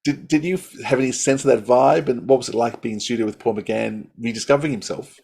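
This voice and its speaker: Husky man interviewing a guest. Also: mid-range voice, fast. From Australia. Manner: warm, complimentary, rambling questions. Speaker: podcast host. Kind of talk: podcast interview.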